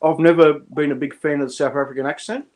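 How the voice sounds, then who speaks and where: A man's voice: fairly high pitch, fairly even intonation, fast talker, a little mellow. A man chatting casually on a live stream, rambling with lots of restarts and chuckles. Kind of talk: casual chat.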